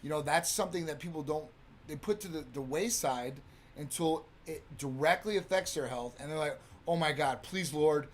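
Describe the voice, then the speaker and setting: Calm man giving measured advice. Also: a little high, a little hiss or hum. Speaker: co-host. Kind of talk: live stream chat.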